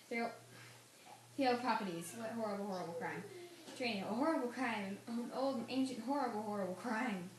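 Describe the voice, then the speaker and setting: A woman's voice: on the high side, fairly quick. A young woman reading all the parts of a play script aloud for a class, with mild emphasis. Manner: reads stage directions and lines with mild emphasis. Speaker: student reader. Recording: echoey room, faint noise.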